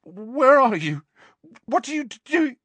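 A man's voice: very high voice, very animated, measured pace, sharp tone, dry recording, voice pushed up, full character voice. A man voicing a frightened teenage bully boy who stutters and whimpers. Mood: whimpering.

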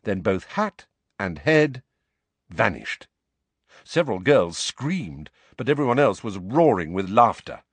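Brief: male audiobook narrator, expressive and measured, low voice, dry close recording. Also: breathy edge, dry recording.

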